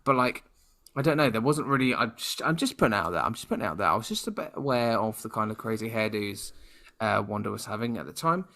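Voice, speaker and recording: A man's voice: lowish voice, animated, fast, vocal fry, pushed and bright. A man with a British accent co-hosting a podcast, chatting casually in a rambling, playfully sarcastic way. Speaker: podcast co-host. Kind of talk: casual chat.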